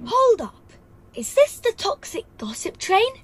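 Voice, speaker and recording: A woman doing a squeaky cartoon dinosaur. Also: huge pitch swings, slight background noise, exaggerated voice. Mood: mock-dramatic. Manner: goofy, playful, quick meme delivery. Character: giggly cartoon dinosaur, silly and meme-crazy. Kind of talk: meme parody skits and rap covers. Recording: loud music bed behind the voice. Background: loud music.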